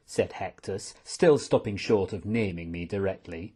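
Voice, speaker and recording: A man's voice: sits low, a little slow, few pauses, slightly rough. A man narrating an audiobook in a storytelling tone, shifting between voices for many characters. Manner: expressive, voicing many characters.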